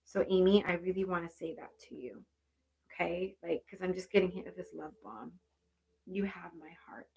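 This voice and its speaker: A middle-aged woman working as a medium on a live stream, chatting warmly with many fillers and restarts. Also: on the low side, steady tone, brisk, vocal fry, husky. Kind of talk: live-stream reading and chat.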